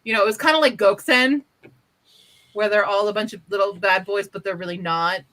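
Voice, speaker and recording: A woman in casual chat, an animated storyteller who swears freely and acts out quotes. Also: medium pitch, fairly quick, low-quality recording.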